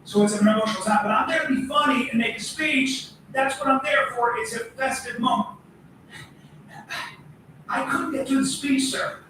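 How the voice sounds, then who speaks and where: A middle-aged man co-hosting a podcast, telling animated stories in casual, swearing chat. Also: very high voice, normal speed, distant mic, background noise. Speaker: podcast co-host. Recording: echoey room from off-mic.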